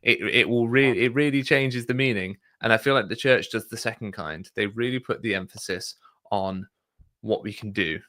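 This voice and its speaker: A man hosting a casual discussion, talking in a thoughtful, measured way with frequent fillers. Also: on the low side, bright, forceful tone, no room sound, clean studio sound. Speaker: podcast host.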